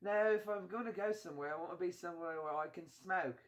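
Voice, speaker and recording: A man's voice: high-pitched, fast, close to an everyday voice. A man putting on an as a laid-back bloke who keeps repeating his plan to wait things out at the pub. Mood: scheming. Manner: chanting a plan over and over.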